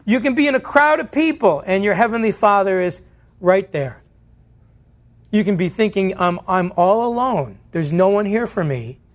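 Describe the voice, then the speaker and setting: High-voiced man preaching a sermon. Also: expressive, moderate pace. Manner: earnest preaching with rhetorical questions and answers. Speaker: pastor. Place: church.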